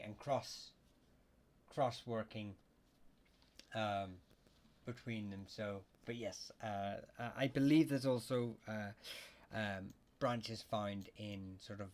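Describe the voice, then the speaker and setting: A man hosting a livestream and answering viewers' questions, with lots of "uh" and "um" and frequent restarts. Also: lowish voice. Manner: hesitant, many fillers and restarts; reads chat questions aloud. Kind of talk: casual livestream chat.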